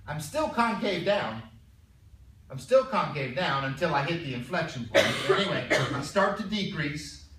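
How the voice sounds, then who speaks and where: A man teaching a calculus class, chatty and stumbling over repeated words, clearing his throat now and then. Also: on the high side, big pitch swings, moderate pace, fairly bright tone. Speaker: math teacher. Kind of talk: classroom lecture. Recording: echoey room, mic far off.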